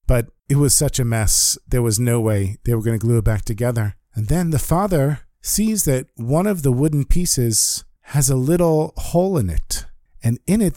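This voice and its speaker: A man's voice: medium pitch, no room sound, studio quality. A man telling a story, acting out the quoted speech of the people in it. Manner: animated, acts out quoted speech. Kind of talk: storytelling narration.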